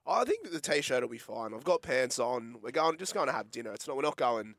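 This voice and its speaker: A man's voice: medium pitch, very animated, fairly quick, fairly bright tone, dry recording. A man with an Australian accent on a radio show, easygoing and stubborn in banter. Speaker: radio co-host.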